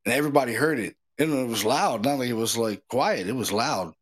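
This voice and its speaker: A man's voice: medium pitch, a little fast, husky. A man hosting a podcast, telling stories in a laid-back, slangy way. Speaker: podcast host. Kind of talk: casual chat.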